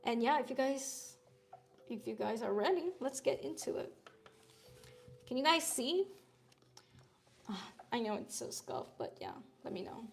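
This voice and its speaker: Slow, chatty woman streamer, a bit sick. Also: fairly high pitch, animated, vocal fry. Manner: chatty, swears freely, thinks aloud while reading panels. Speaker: streamer reviewing webtoon contest entries. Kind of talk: casual live-stream commentary.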